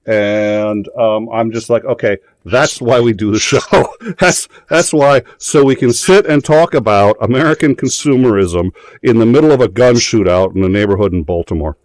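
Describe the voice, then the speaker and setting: Low-voiced rambling male show host. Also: normal speed, a little mellow, no room sound. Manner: rambling, profane storytelling with frequent fillers. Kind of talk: casual live-show chat.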